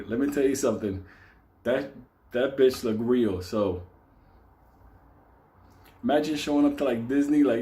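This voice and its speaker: A man telling a wild story in a casual, animated way, swearing constantly and laughing as he goes. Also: medium pitch, measured pace, long pauses. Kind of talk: casual profane anecdote telling.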